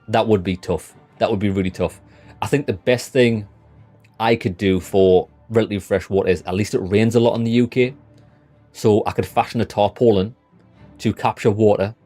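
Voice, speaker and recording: A man's voice: on the low side, moderate pace, dark tone, faint music behind. A young British man chatting casually and bluntly with his live chat while streaming a game, rambling and swearing freely. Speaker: gaming livestreamer.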